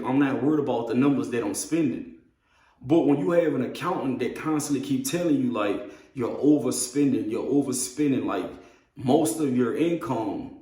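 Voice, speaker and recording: A man who drives trucks, telling a story in a blunt, profane, animated way. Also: medium pitch, echoey room. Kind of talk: casual storytelling rant.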